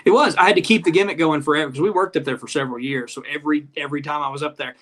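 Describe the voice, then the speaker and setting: A man's voice: on the high side, very fast, fairly bright tone. A man who used to wrestle, a guest in a casual chat, telling rambling, profane stories.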